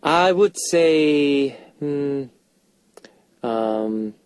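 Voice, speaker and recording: A man whose first language is Korean, hosting a radio show in English, talking haltingly with many fillers. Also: on the high side, expressive, darkish tone, no echo. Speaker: radio host and singer. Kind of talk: casual radio chat.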